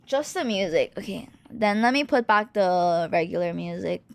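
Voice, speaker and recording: A young woman from China chatting casually on her stream, animated and rambling, with lots of fillers and swearing. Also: mid-range voice, moderate pace, vocal fry. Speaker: VTuber streamer. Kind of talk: casual chat.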